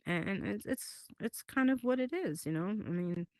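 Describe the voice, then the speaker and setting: A woman giving an emotional personal statement as a talk show guest, halting and earnest, often repeating her words. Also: medium pitch, expressive, no room sound.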